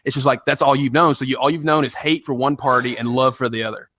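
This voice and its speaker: A man's voice: medium pitch, fairly even intonation, quick pace, sharp tone. A man from Tennessee, a podcast co-host, telling stories and ranting in a casual chat, swearing freely.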